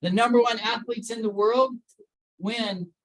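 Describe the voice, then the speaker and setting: Very high-pitched yet steady, this man's voice moves at an unhurried pace through poor audio. He's a wellness speaker giving a motivational mental health talk at a workplace, engaging listeners with questions and names while emphatically repeating his core ideas.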